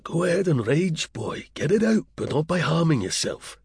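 A man voicing a patient, kindly older man in an audiobook, with a gravelly, coaxing manner. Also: on the high side, sing-song, moderate pace, a little mellow, no room sound, studio quality, pitched above the performer's own voice, heavily acted. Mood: urging.

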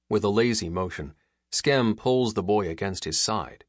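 Deep-voiced male audiobook narrator. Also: lively intonation, normal speed, no echo, clean studio sound. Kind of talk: scripted narration.

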